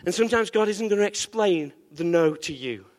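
A man preaching a sermon as pastor, animated and playful, calling out to the congregation for amens. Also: high voice, brisk. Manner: animated, playful, call-and-response. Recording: echoey church hall.

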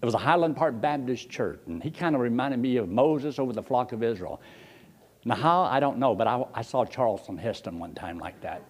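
A man preaching a storytelling sermon in a folksy, animated way, often chuckling and talking straight to the congregation. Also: medium pitch, brisk.

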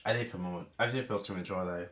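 A young man talking through an unscripted voice note monologue, sighing and laughing, with sudden loud outbursts between muttered asides. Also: low-pitched, quick pace. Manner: emotional, swinging from muttered sighs to loud outbursts; sighs and laughs often, says "girl" a lot. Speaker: podcast host.

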